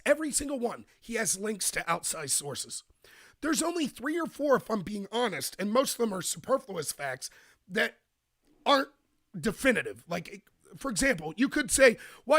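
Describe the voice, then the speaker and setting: A man hosting a live-streamed political commentary show, talking emphatically with bursts of rapid speech and a slightly rough voice. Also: high voice, fairly bright tone, no echo, studio quality.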